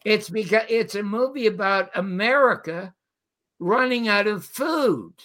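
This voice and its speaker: An older man telling animated stories as a guest, quoting the people in them. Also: sits high, measured pace. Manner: animated storyteller quoting others. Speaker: guest storyteller. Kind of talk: casual interview anecdotes.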